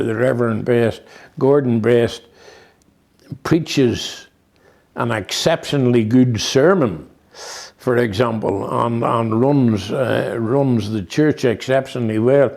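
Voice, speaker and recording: Old northern irish guy, 80s, gravelly voice, rambles through stories w lots of uhs. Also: mid-range voice, a little mellow. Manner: rambling, anecdotal, many restarts and fillers. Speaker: interviewee. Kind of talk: reminiscing conversation.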